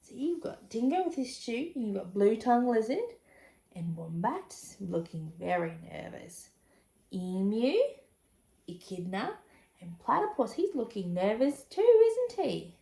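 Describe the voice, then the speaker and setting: A woman reads a children's picture book aloud in a lively, high voice and chats with young listeners between pages. She takes her time, and the room is echoey. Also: a little slow, gravelly. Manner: expressive, chatty asides to young listeners. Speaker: storybook reader.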